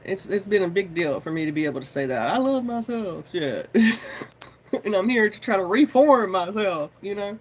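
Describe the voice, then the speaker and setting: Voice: mid-range voice, expressive, moderate pace, slight background noise. A tarot reader hosting a live stream, chatting casually, rambling from topic to topic, swearing freely and greeting viewers by name. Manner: chatty and informal, says y'all often. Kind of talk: casual live-stream chat and pep talk.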